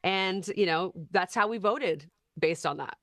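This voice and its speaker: An upbeat woman speaks as a talk show guest, full of chatty enthusiasm as she explains her picks. Her voice sits at an ordinary middle pitch. The sound is close and dry, with no room echo. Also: measured pace, fairly bright tone. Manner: enthusiastic, conversational. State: slightly parched. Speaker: radio host, guest.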